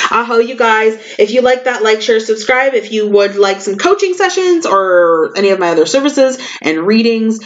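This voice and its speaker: Low-ish voiced woman doing a card reading vlog, loud and fired up, kinda muffled lo-fi sound. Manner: loud, passionate, swooping and animated. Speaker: spiritual reader and shaman. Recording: muffled lo-fi audio.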